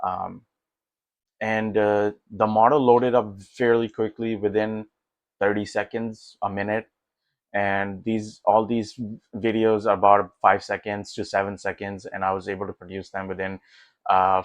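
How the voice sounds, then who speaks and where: A man with a fairly low voice chats through his tech test results in an easygoing, rambling way. He leans on fillers and restarts his sentences, sounding excited more than polished, and the dry recording has no room echo. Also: unhurried. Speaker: tech vlogger. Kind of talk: casual walkthrough commentary.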